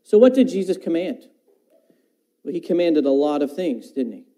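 A man's voice: fairly high pitch, sing-song, moderate pace, mellow. A man preaching a sermon in an earnest way, repeating phrases and asking the listeners rhetorical questions. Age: adult parent.

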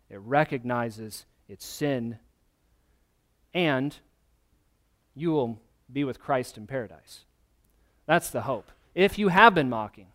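A man's voice: medium pitch, fairly bright tone. A man, a pastor, preaching a sermon in an earnest, emphatic way, often asking the listeners questions.

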